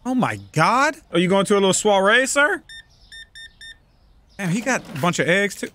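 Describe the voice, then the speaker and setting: A man's voice: sits high, lively intonation, moderate pace, bright, forceful tone, slight background noise. A man giving casual, profane let's-play commentary, joking and bantering with the shoppers in a store game. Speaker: gaming channel host.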